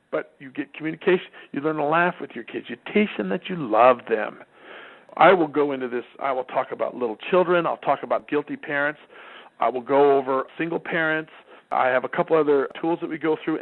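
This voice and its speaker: A middle-aged man giving a parenting talk, telling stories from home and acting out the voices of the people in them. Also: on the high side. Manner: lively storyteller who acts out quoted voices. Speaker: parenting speaker. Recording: narrow phone-like sound.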